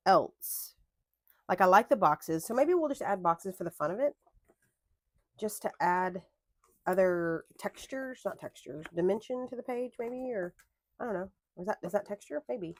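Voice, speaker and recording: A woman's voice: medium pitch, animated, a little slow, pauses often, no echo, studio quality. A young adult woman chatting casually at a home craft desk, rambling into tangents and correcting herself as she goes. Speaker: planner vlogger. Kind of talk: casual chat while crafting.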